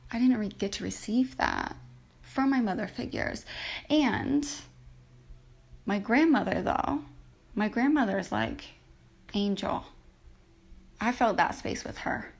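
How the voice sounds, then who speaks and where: Woman podcaster telling her own story, soft and emotional, lots of um and like, bit of vocal fry. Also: mid-range voice. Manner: reflective, emotional, many fillers and restarts. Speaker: podcast host. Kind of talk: personal storytelling monologue. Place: lives in a big city with a rooftop terrace.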